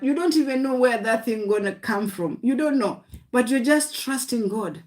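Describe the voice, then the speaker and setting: A woman's voice: on the high side, animated, normal speed, hardly any pauses. A woman preaching a livestream sermon. She speaks in short, repeated exhortations and often calls her listeners "guys.". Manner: speaks in short declarations of faith.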